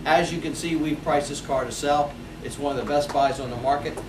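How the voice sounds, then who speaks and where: Sales trainer, man, 40s. Lively, high-ish voice, recorded at a distance in an echoey room. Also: a little fast, noisy background. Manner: energetic, role-plays customer calls.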